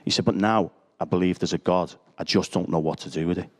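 A man's voice: low voice, fairly even intonation, quick pace. A middle-aged man, preaching a sermon full of personal stories and self-deprecating jokes. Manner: chatty, self-deprecating, joking asides.

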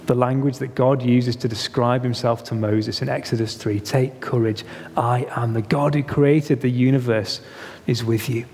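A man preaching a sermon, telling the story in an animated way and acting out the voices in it. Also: medium pitch, moderate pace. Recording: long reverb of a hall.

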